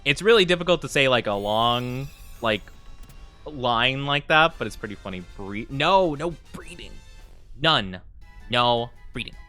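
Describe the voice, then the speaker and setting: A man casually talking to his viewers while he plays a game, rambling and full of fillers. His voice is bright and forward, at an ordinary pitch. Faint music plays underneath. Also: expressive, unhurried, smooth. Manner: rambling and chatty, with lots of fillers. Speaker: livestreamer.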